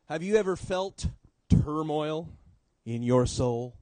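A man preaching a sermon in church, swinging between loud emphasis and quiet low drops. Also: lively intonation, measured pace, no room sound, poor audio.

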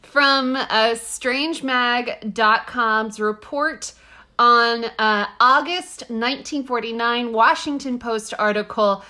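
A woman co-hosting a podcast in a loose, joking way. Her voice is bright and a little high. She laughs easily, curses casually and stumbles cheerfully when she reads aloud. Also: slow pace. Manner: laughs often, swears casually, stumbles while reading. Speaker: podcast co-host. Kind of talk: casual chat and reading aloud.

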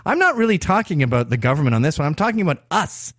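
A man's voice: on the high side, very animated, fast talker, a bit bright, no room sound. A man hosting a podcast, delivering a profane, provocative and sarcastic opinion monologue into a close mic. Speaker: podcast host.

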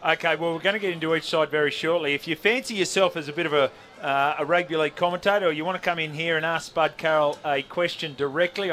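A man's voice: on the high side, a bit bright. A man with an Australian accent hosting live sports radio, upbeat and steering the conversation. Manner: upbeat, steering the talk, reading out numbers. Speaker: radio host.

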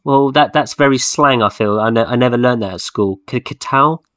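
A man's voice: medium pitch, fairly quick, a bit bright, dry recording, clean studio sound. A man hosting a football podcast in a jokey, playful casual chat. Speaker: podcast host.

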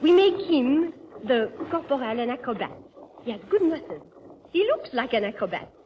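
An actress playing a gracious, decisive French circus equestrienne with a French accent, in a 1940s radio drama. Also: female voice, sits high, big pitch swings, normal speed. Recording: dull old radio recording with faint hiss.

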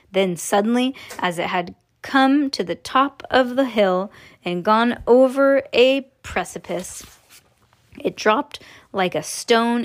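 A woman reading a children's book aloud to a child, relaxed, with slips and self-corrections along the way. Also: on the high side.

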